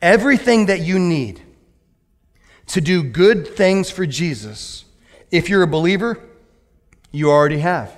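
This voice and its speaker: A man preaching a lively, joking sermon as a pastor to his church, with sudden loud outbursts. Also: high-pitched, unhurried, long pauses. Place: church sanctuary. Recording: long hall reverb.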